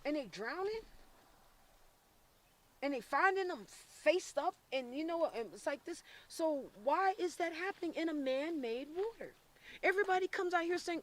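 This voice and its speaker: A man from Florida working as a psychic medium on an outdoor paranormal investigation, talking intensely and haltingly with many restarts. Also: extremely high pitch, lively intonation, distant mic. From Florida, USA. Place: outdoors by a reservoir.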